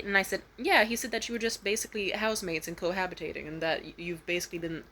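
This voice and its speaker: A young woman vlogging a casual storytime rant, swearing freely and switching to high, loud voices when she quotes people. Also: fast talker, hardly any pauses. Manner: animated, profane, jumps into high voices when quoting.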